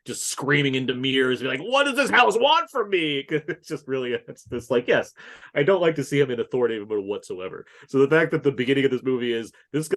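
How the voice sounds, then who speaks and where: A man co-hosting a podcast in a casual film discussion, animated, laughing often and swearing casually. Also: medium pitch, quick pace. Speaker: podcast co-host.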